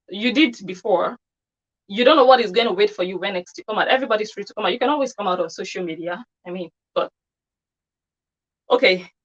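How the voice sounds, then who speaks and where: A woman's voice: mid-range voice, a bit bright, highs cut off. A woman giving an opinionated commentary monologue on her channel, scornful and full of rhetorical questions. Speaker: commentary vlogger.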